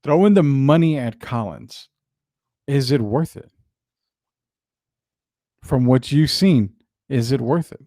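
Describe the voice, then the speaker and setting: A man hosting a casual sports talk show, chatting in a loose, drawn-out, questioning way. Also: medium pitch, animated, warm tone, dry recording, studio quality. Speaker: sports podcast host.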